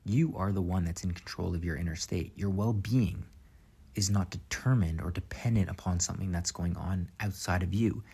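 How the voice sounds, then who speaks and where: A man hosting a self-help podcast, talking slowly through calm, repetitive guidance on letting go of negative thoughts. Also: low voice, gravelly, husky. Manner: slow, repetitive guiding instructions. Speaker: podcast host.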